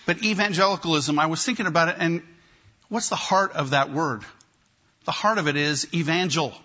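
A male pastor preaching a sermon to his congregation, emphatic and repetitive, with slow deliberate pauses. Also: a little high, pushed and bright. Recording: dull lo-fi sermon recording.

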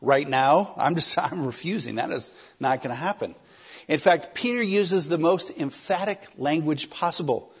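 A man preaching a sermon in a conversational, animated way, acting out quoted lines. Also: fairly high pitch, moderate pace, slightly rough, highs cut off.

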